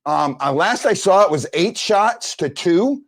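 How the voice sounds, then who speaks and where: A man's voice: sits high, lively intonation, a little slow. A man hosting a sports fan show, telling stories in a rambling casual way with many restarts. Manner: rambling storyteller, restarts often.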